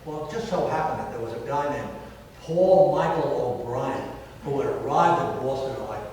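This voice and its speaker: A man's voice: medium pitch, lively intonation, normal speed, darkish tone, a little hiss or hum. An older American historian gives a lecture, telling his story with wry asides. His voice rings through a big echoing hall. He sounds set back from the microphone, with faint room ambience behind him. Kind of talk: public history talk. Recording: echoey hall from far off.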